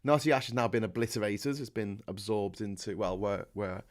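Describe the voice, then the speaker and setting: A man's voice: on the low side, fairly even intonation, brisk. Sarcastic man ranting about politics. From Liverpool, England. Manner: rambling, sarcastic, frequent restarts and laughs. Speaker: political livestream host. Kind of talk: casual political commentary reading viewer comments.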